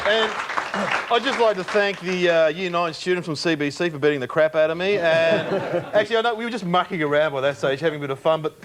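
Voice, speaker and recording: A man's voice: fairly high pitch, fast. Australian man, prank comedian, bossy mock-official tone, street crowd and noise behind. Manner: cheeky, teasing, mock-official. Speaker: comedy segment presenter posing as parking attendant. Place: outdoor car park.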